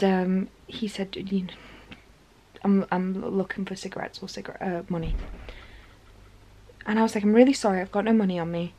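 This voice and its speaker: A woman, telling a story to camera in a chatty vlog, laughing often as she goes. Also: medium pitch. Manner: chatty, animated retelling with frequent laughs. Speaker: vlogger.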